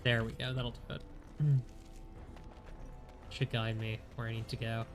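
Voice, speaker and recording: A man's voice: medium pitch, completely flat delivery, a little slow. A congested man chats through a game stream, joking at his own expense. His voice sits mid-range. Faint game music plays in the background. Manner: chatty, self-deprecating. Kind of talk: casual gameplay commentary.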